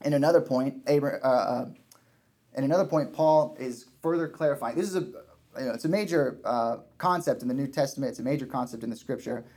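A man's voice: mid-range voice, fairly quick, mellow. A man preaching a sermon, earnest, often restarting and repeating his points for emphasis.

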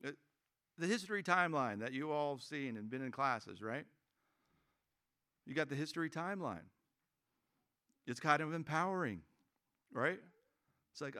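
A man's voice: medium pitch, expressive, moderate pace, pauses often, sharp tone. A man preaching a sermon as pastor, conversational and joking, acting out quoted voices.

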